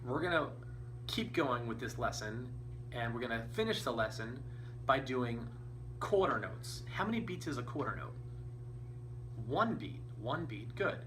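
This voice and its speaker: A man's voice: mid-range voice, lively intonation, normal speed. A man teaching a beginner band lesson, patient and encouraging, counting beats aloud. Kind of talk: instrumental lesson. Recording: distant mic with faint noise.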